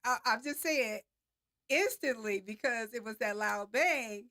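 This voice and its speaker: A woman hosting a casual group discussion, telling stories in an animated way with fillers and laughter. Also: a little high, unhurried, no room sound, clean studio sound. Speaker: discussion host.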